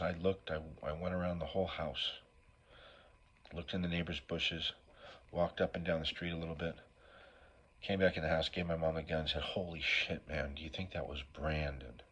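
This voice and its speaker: Husky low-voiced man telling a raw story. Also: little pitch movement, brisk, a bit bright. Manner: raw, profane, repeats "right?". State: sniffly from allergies. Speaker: recovery speaker. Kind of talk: emotional personal storytelling.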